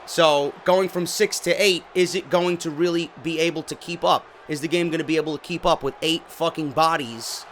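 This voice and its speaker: A man's voice: on the high side, fairly even intonation, moderate pace, few pauses, a bit bright, slight background noise. A man hosting a game news video, ranting bluntly and profanely with strong opinions and emphatic delivery. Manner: emphatic, with fillers. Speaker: gaming video host.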